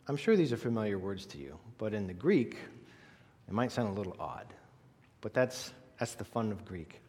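A man's voice: on the low side, big pitch swings, normal speed, darkish tone. Man preaching in a reverberant hall. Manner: emphatic, with rhetorical questions to the congregation. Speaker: pastor. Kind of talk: sermon. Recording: long reverb of a large hall.

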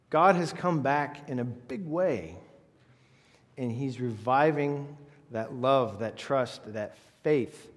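A man's voice: mid-range voice, slow pace. A man preaching a sermon, emphatic and full of rhetorical questions aimed at the congregation. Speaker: pastor. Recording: long reverb of a large hall.

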